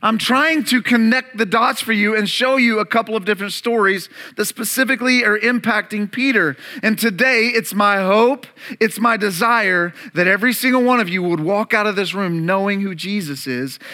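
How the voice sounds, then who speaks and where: A man preaching a sermon as pastor, animated, acting out voices to an audience in a church room. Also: high voice, normal speed, hardly any pauses. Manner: animated preaching, acts out disciples' panic and Jesus' calm.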